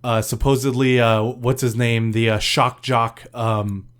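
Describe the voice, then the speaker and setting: A man's voice: medium pitch, unhurried. A man co-hosting a podcast, chatting casually and hesitantly, with frequent fillers. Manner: relaxed, hesitant with many fillers. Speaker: podcast co-host. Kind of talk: casual chat.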